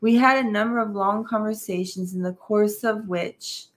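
A woman's voice: medium pitch, fairly even intonation, moderate pace. A woman co-hosting a live show, reading a book aloud steadily with occasional stumbles.

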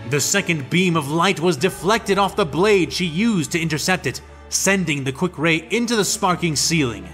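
A man narrating a fan fiction story in a steady, descriptive reading. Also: on the high side, moderate pace, soft background music.

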